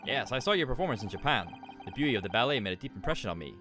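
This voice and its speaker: A man reading game dialogue as a polite, courteous young man with a measured manner. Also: medium pitch, sing-song, over music, lightly acted. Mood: calm.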